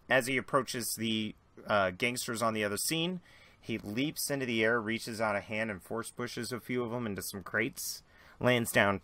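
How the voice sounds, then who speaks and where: A man narrating as game master, dramatic and lively, jumping into voices for characters. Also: on the low side.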